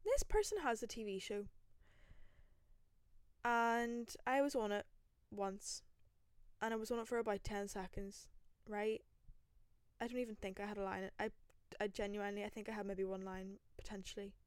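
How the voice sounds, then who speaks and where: A young Northern Irish woman hosting a podcast, telling a story in a lively, self-mocking way, full of rambling asides, into a single microphone. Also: medium pitch, moderate pace, clean tone, dry recording, studio quality. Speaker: podcast host. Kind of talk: casual solo storytelling.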